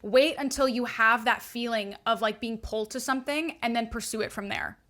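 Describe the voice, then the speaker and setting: A woman's voice: on the high side, fairly quick, fairly bright tone. A young woman, a guest coach on a podcast, explaining astrology in chatty, upbeat casual talk full of "like". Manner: chatty, upbeat, heavy use of "like".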